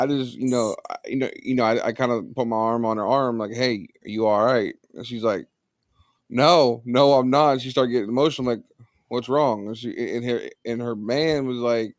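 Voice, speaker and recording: A man of middle pitch telling stories in a casual podcast chat, stumbling and repeating words as he goes. His voice is recorded dry, with a dull, lo-fi sound. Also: no echo. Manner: storytelling, many restarts and repeated words. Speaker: podcast guest.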